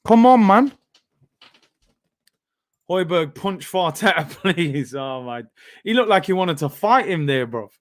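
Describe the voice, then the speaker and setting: A man reacting live to a football match as the host of a watchalong, excitable and slangy, breaking into shouts. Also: high voice, slow, pauses often.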